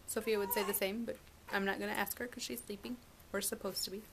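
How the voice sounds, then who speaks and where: In a casual vlog filmed indoors at her family home, a young mom talks fast to her camera, rambling with fillers. Her medium-pitched voice is steady and a bit bright, with a little hiss or hum in the recording.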